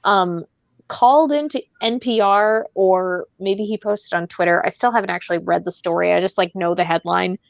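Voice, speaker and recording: A woman's voice: on the low side, normal speed, vocal fry, dry recording, highs cut off. A woman hosting a casual podcast, rambling along with lots of fillers and frequent laughs. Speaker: podcast host.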